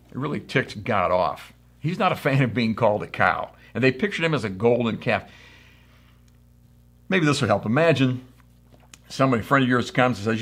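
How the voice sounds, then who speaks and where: This middle-aged American pastor speaks at normal speed in a mid-range voice that's expressive, husky, and fairly bright. His conversational sermon mixes storytelling with acted quotes.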